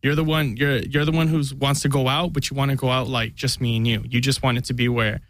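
A man's voice: medium pitch, level tone, fast talker, fairly bright tone. A young man chatting as a podcast guest, telling a long rambling story and acting out what people said. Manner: rambling storyteller, acts out quotes. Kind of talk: casual chat.

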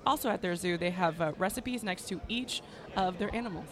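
A woman co-hosting a casual chat, animated and laughing often as she talks. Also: lowish voice, fairly quick.

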